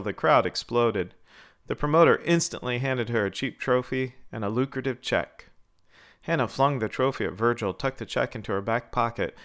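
A man narrating a scripted story in a steady, measured reading. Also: fairly low pitch.

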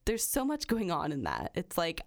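A woman's voice: on the low side, huge pitch swings, normal speed, creaky. A woman hosting a true crime podcast, reading a long passage aloud and then chatting casually, swearing freely. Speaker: podcast host.

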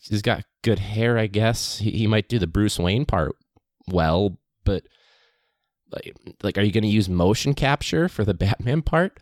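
A man's voice: on the low side, expressive, unhurried, dry recording, clean studio sound. A man, a teacher, hosting his podcast in a casual, rambling monologue full of fillers. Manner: chatty, rambling, many fillers.

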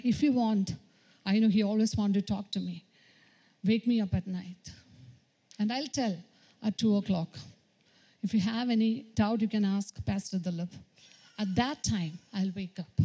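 Woman preacher, repeats herself, lots of hallelujahs, warm tone. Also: on the high side. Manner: repetitive exhortation, frequent hallelujahs. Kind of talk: sermon.

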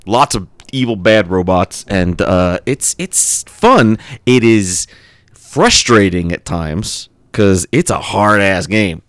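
A man co-hosting a casual podcast, rambling and swearing as he talks excitedly about a video game. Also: fairly low pitch, slow pace, no echo. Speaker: podcast co-host. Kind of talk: casual chat.

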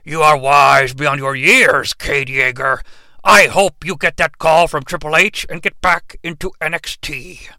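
A man voicing a weary, solemn male robot leader in a slow, grave and deep parody voice. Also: steady tone, sharp tone, no room sound, heavily acted.

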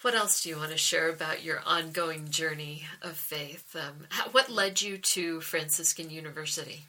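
A woman's voice: low-pitched, moderate pace, low-quality recording. A middle-aged woman hosting a faith conversation, encouraging and asking her daughter questions. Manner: warmly encouraging, asks questions. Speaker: host interviewing her daughter.

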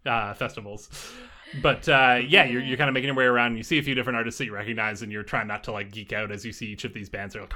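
A man's voice: medium pitch, fairly even intonation, fast talker, sharp tone. Rambling man running the game. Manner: loose, rambling, with many fillers. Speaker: game master. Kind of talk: narrating a tabletop game.

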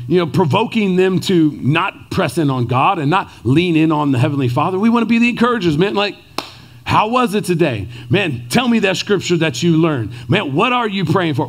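A man in his thirties preaching a sermon to fathers, animated and conversational, often checking in with "right?". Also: sits high. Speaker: pastor.

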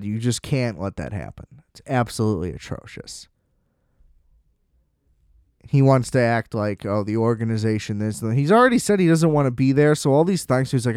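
A man's voice: medium pitch, darkish tone, no echo, studio quality. A man giving a blunt, profane, sarcastic solo rant about football games in a casual talk. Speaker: sports commentator.

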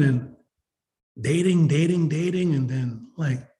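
A man's voice: on the high side, moderate pace, darkish tone. Emotional man sharing his story. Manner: emotional, rambling, many fillers like "you know". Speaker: recovery meeting member sharing. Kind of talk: personal testimony share.

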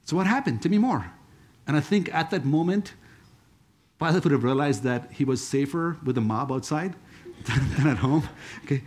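A man's voice: mid-range voice, normal speed, darkish tone. A man preaching a sermon in a conversational way, with joking asides.

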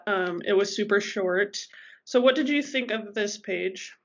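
A woman's voice: medium pitch, unhurried. A young woman co-hosting a podcast, bubbly and giggly in casual chat. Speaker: podcast co-host. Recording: dull lo-fi podcast mic.

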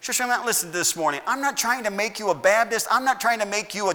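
A man's voice: high voice, fast, hardly any pauses, pushed and bright. A man preaching a sermon as pastor, firing rhetorical questions and rising into emphatic bursts. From United States. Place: church sanctuary. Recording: long church hall reverb.

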